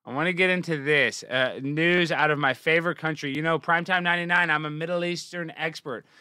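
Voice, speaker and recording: Young male host, bright tense voice, dry close recording, sarcastic rants. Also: steady tone, a little fast, smooth, no room sound. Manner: mocking, swings from low mutter to loud exclaims. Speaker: show host. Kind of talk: sarcastic comedic commentary.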